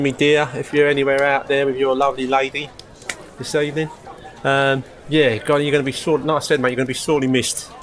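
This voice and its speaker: A man hosting a casual live stream, his voice sitting at an ordinary middle pitch. He chats in a rambling, chummy way, calls his viewers mate, and keeps losing his thread. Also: a bit bright. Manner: forgetful, loses his thread.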